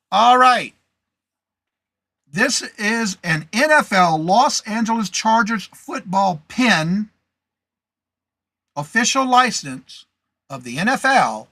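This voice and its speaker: Lively, bright-voiced reseller host. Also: male voice, high voice, no room sound. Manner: chatty, reads viewer comments aloud, greets viewers by name. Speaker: host of a reseller live show. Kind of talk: casual live-stream chat.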